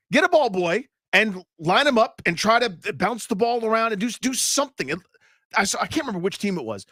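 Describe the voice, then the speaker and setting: A man's voice: high-pitched, a bit bright, no echo, clean studio sound. A male sports radio co-host reading listener questions and giving emphatic opinions in casual talk. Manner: emphatic, quick opinions, does impressions.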